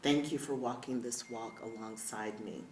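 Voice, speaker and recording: A middle-aged woman giving a heartfelt acceptance speech at a podium, emotional and warm with laughing asides. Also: very deep voice, fairly even intonation, normal speed, a little hiss or hum. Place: large event hall. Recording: echoey hall with faint ambience.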